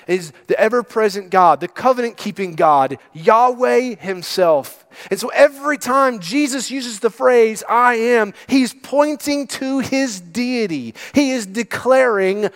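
A man preaching a sermon as pastor, emphatic and sometimes dropping to a hush. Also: very high-pitched, animated, unhurried, few pauses. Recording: long hall reverb.

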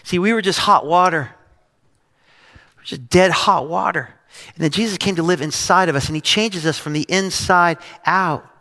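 Middle-aged male pastor, sermon delivery, slightly high and bright, long hall reverb. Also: moderate pace. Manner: storytelling with acted quotes and laughs. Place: church stage.

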